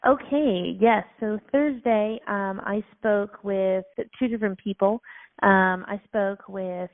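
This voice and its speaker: A woman's voice: mid-range voice, takes it slowly, no echo. A woman talking casually as an accountability partner, giggly and a bit scattered, with fillers. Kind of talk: casual chat. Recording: tinny dry phone line.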